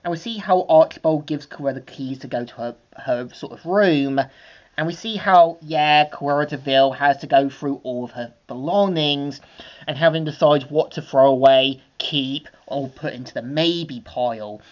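Low-voiced woman reviewing comics. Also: normal speed, darkish tone. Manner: rambling, many fillers. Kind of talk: casual comic review narration. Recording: dull lo-fi home recording.

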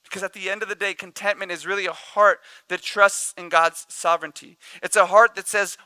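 A pastor preaching a sermon, telling stories with humor and acting out the people in them. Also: male voice, high-pitched, fairly quick, few pauses, smooth, dry recording. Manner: animated, jokey storytelling with laughs and acted-out quotes. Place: church.

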